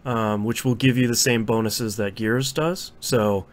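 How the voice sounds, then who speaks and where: A man co-hosting a podcast in casual chat, explaining game tips in a lively way and laughing easily. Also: medium pitch, measured pace. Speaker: podcast co-host.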